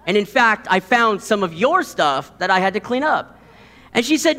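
A man's voice: sits high, lively intonation, normal speed, bright, forceful tone. A man in his thirties preaching a sermon, telling stories with chuckles and repeating key words for emphasis.

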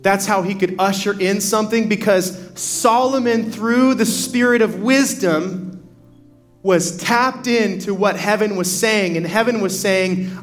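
A man's voice: high voice, measured pace, soft background music. A young adult man, a pastor, preaching a sermon in a casual storytelling way, full of "like" fillers and restarts.

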